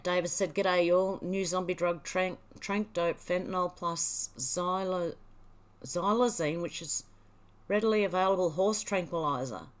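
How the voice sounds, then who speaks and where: An Australian woman hosting a casual livestream, reading viewer comments aloud and chatting back in a relaxed way. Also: lowish voice, a little slow. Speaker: livestream host. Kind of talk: casual live chat reading.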